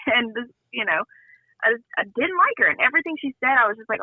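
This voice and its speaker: A woman's voice: on the high side, big pitch swings, brisk, no room sound. A woman from Louisiana, a nurse guest on a podcast, talking bluntly and outspokenly in casual chat. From Louisiana, USA. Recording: tinny phone-like audio.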